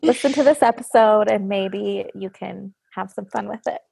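Chatty podcast lady in her 30s, bit of vocal fry, husky, dry close sound. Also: medium pitch, normal speed, mellow, dry recording. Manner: bubbly, laughs often, says "like" a lot. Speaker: podcast host. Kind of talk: casual chat.

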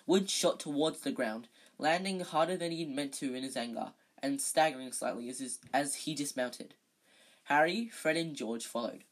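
Amateur reader, husky voice, halting, frequent self-corrections, children's novel read aloud. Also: mid-range voice, poor audio.

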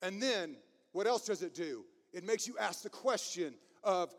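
A man's voice: high-pitched, lively intonation, measured pace, long reverb tail. A man preaching a sermon, passionate and emphatic, laughing at himself now and then.

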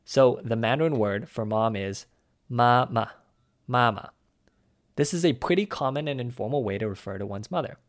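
A man's voice: medium pitch, expressive, fast talker, few pauses, a little mellow. A man co-hosting a scripted language-lesson podcast, running quiz questions and explaining words in an upbeat teaching manner. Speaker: podcast co-host.

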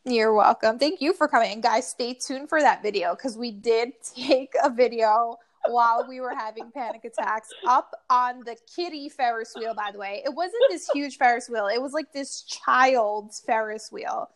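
A woman co-hosts a casual podcast and tells stories in a chatty, animated way. She leans on "like" fillers often. Her voice sits a bit higher than most. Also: normal speed, hardly any pauses. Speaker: podcast co-host. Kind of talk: casual chat.

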